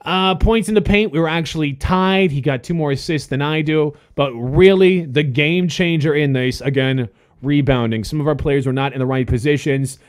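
Excitable young man yelling over a game. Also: fairly high pitch, normal speed. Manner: excitable, swearing, shouting at the game. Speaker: gaming host. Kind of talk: gameplay commentary. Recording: faint music behind.

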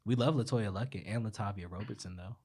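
A man's voice: fairly low pitch, quick pace, vocal fry, very noisy. A man hosting a podcast in casual, teasing chat with his co-hosts. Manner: animated, laughing, teasing. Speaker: podcast host.

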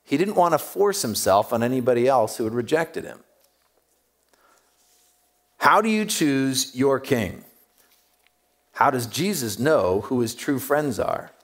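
A man's voice: medium pitch, expressive, unhurried, pauses often. A man preaching a sermon, telling stories with humor and acting out the voices of the people in them. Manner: humorous and self-deprecating. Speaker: pastor.

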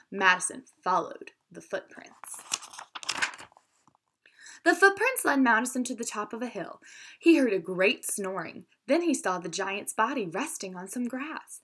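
A woman teacher reading a children's story aloud with expression, pausing now and then to explain words. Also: medium pitch, a bit bright, husky.

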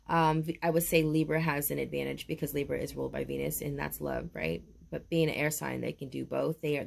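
A woman giving a tarot reading for viewers in a casual video, talking in a lively, confident way and calling them baby and honey. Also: low voice, creaky. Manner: chatty, sure of herself. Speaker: tarot reader.

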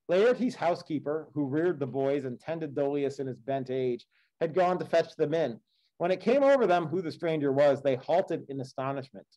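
A male teacher reads an epic poem aloud and slips into casual, chatty asides to explain it. His voice sits a bit high for a man but sounds mellow and relaxed. The asides are loose and conversational, full of fillers. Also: poor audio. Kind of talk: read-aloud with classroom commentary.

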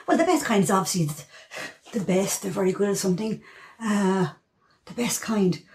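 A woman's voice: mid-range voice, expressive, a little fast, a little mellow, a little hiss or hum. A woman from the southeast guessing word meanings in a thoughtful, hesitant way. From southeast Ireland.

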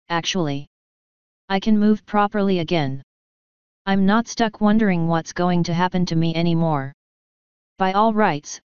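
An earnest, steady stallion father, read by a woman in a low, very smooth voice. He speaks firmly and stands his ground. The recording is dry and slightly dull. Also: dry recording, close to an everyday voice. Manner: firm, earnest, defiant.

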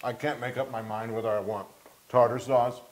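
A man's voice: medium pitch, steady tone, fairly quick, slight background noise. A man co-hosting a cooking show, chatting enthusiastically and sometimes talking with his mouth full. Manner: enthusiastic, talks while eating. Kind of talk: casual cooking chat.

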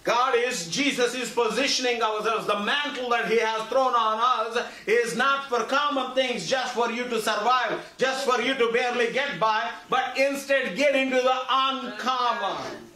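High-voiced man preaching in an echoey church. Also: unhurried, few pauses, sharp tone. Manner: call-and-response preaching, asks congregation for agreement; repetitive, emphatic phrasing. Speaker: pastor. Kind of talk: sermon. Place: church sanctuary. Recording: echoey church hall, mic far off, faint hiss.

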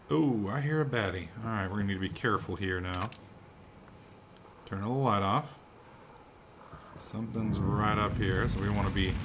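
A young man giving sarcastic, profane let's play commentary, swinging between muttering and excited shouting. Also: lowish voice, normal speed, a little hiss or hum. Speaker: gaming commentator.

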